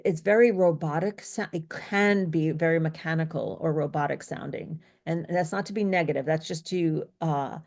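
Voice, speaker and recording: A woman's voice: low voice, darkish tone. A woman teaching a live pronunciation lesson, explaining step by step and correcting herself as she thinks aloud. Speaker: speech coach.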